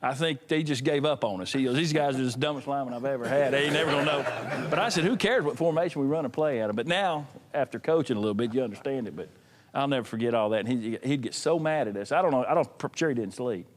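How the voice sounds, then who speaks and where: A mid-pitched man swaps old team stories with former teammates, chuckling as he goes. He talks in a loose, animated way, acting out his coach's lines. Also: fast. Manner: animated, laughing anecdotes. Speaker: former offensive lineman. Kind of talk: casual reunion storytelling.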